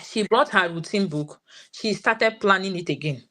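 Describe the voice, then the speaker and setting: A woman's voice: mid-range voice, normal speed, sharp tone. A woman in her thirties with a Nigerian English accent, telling a story as a parent guest in a live session and quoting her daughter's words.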